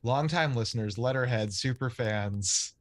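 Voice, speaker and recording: A man co-hosting a casual podcast chat, joking in a deadpan, mock-formal way. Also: mid-range voice, a little slow. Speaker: podcast co-host.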